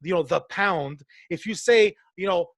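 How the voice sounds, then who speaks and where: A man from Canada telling stories on a podcast in a casual, profane, animated way, acting out the people he quotes. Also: high voice, moderate pace, dry recording. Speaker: podcast co-host. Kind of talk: casual storytelling chat.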